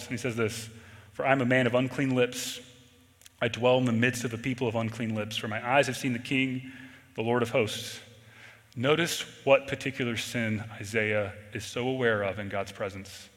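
A man preaching a sermon in an earnest way, shifting between loud emphasis and quiet intensity. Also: medium pitch, big-room sound. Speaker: pastor.

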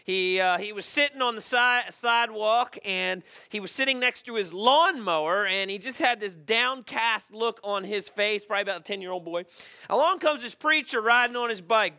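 A man's voice: high-pitched, a little fast, vocal fry, pushed and bright. A male pastor, preaching a conversational sermon and often checking in with "okay?".

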